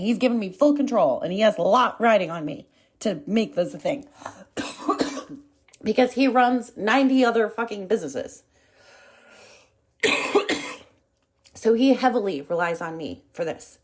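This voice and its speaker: A woman's voice: mid-range voice, lively intonation, normal speed, long pauses, husky. A woman hosting her own podcast, talking candidly and swearing freely as she tells a story in a casual monologue, still getting over a cold. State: recovering from a cold, coughing. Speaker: podcast host.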